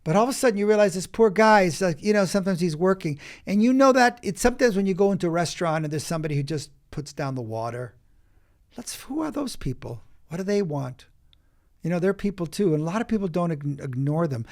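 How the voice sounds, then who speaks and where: A man, an acting coach, speaking as a podcast guest and telling stories in an emphatic, animated way, with quick bursts and restarts. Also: sits high. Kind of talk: animated interview storytelling.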